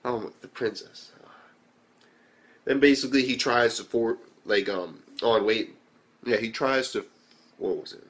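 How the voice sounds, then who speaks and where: A young man giving a casual anime review, animated and swearing freely as he retells scenes. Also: mid-range voice, measured pace, pauses often. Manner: animated, swears a lot, acts out quotes.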